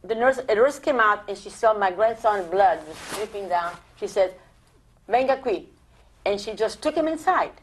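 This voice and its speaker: An older woman with an Italian accent shares memories in an oral history interview, her voice sitting in a middle register. She tells her stories in an animated way, often stumbling and restarting her sentences as she goes. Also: mid-range voice, moderate pace, hardly any pauses. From Italy. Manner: animated storytelling with many restarts.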